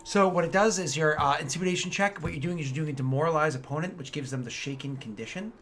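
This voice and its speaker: Excitable male game master, fairly high voice. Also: quick pace, a little hiss or hum. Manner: excitable, bursts into vivid combat narration. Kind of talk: running a tabletop game session.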